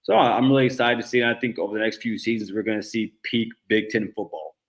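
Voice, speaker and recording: Thirties male co-host, lowish voice, halting football chatter full of restarts. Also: steady tone. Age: 30s. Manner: halting, many stuttered restarts. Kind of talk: casual sports talk.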